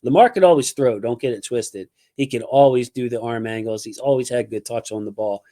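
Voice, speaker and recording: A man hosting a casual sports talk show on his own channel, speaking in an animated, emphatic way. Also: medium pitch, brisk. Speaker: podcast host.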